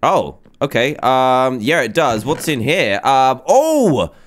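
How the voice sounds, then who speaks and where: Excitable man gaming. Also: mid-range voice, takes it slowly. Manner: excitable, chatty, exclaims often. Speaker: gaming video host. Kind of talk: let's play commentary.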